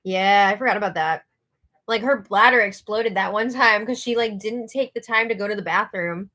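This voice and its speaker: An American woman co-hosting a casual live stream, chatty and excitable, reading out viewer comments and laughing often. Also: mid-range voice, normal speed. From United States.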